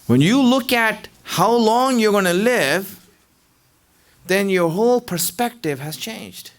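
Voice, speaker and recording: A middle-aged man preaches a Ramadan lecture in a casual, talking style. He fills his sentences with "you know" and keeps asking his listeners questions. His voice sits high and swings widely in pitch. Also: animated, slow. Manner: conversational, rhetorical questions, frequent "you know".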